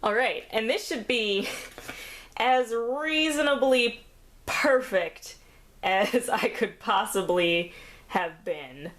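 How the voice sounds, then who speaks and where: A craft vlogger chats casually while making a craft, laughing often and being self-deprecating. She sounds slightly out of breath, speaking slowly in a fairly high, somewhat bright voice.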